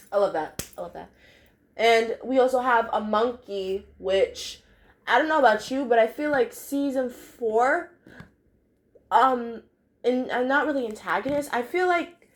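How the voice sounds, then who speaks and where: A woman's voice: fairly high pitch, a little mellow. A young woman chatting casually in a review vlog, full of fillers and phrases she repeats. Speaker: cartoon episode reviewer.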